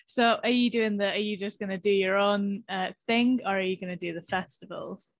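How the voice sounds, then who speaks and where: A woman hosting a podcast in casual chat, laughing easily and answering her guest with quick short replies. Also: mid-range voice, fairly even intonation, no echo. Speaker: podcast host.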